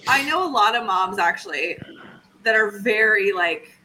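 A woman, a mother hosting a podcast, talking in a chatty, quick way with lots of fillers. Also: medium pitch, animated, pushed and bright, slight background noise, poor audio. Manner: chatty, fast, uses many fillers. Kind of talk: casual chat.

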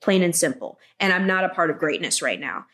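A woman on a podcast telling animated, sassy stories and acting out the dialogue in them. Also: on the low side, fairly quick. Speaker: guest. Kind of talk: casual podcast conversation.

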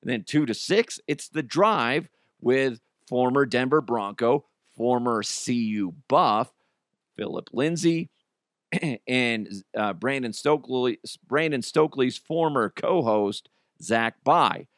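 A man's voice: mid-range voice, animated, slow pace, dry recording, studio quality. A man hosting a podcast, giving casual, opinionated commentary with joking asides while trying not to lose his voice. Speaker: podcast host.

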